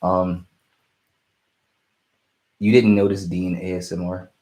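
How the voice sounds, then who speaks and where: A man's voice: sits low, little pitch movement, slow, darkish tone. A young man hosting a casual live stream, rambling and apologetic as he answers viewer questions. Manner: rambling, self-interrupting, apologetic.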